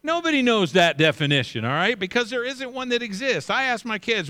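A middle-aged male pastor preaching with emphasis, slowing down and repeating phrases, dropping his voice low for scripture. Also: very animated, sharp tone. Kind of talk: sermon.

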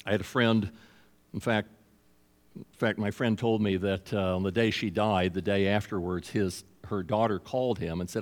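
A man's voice: fairly low pitch, steady tone, moderate pace, long reverb tail. A man in his sixties, a pastor, giving a conversational sermon that is broken up by acted-out dialogues. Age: 60s.

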